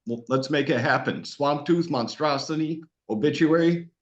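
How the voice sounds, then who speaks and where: A man's voice: a little high, moderate pace. A man chatting casually as interviewer, swearing often and laughing easily. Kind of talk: casual chat. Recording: dull lo-fi recording.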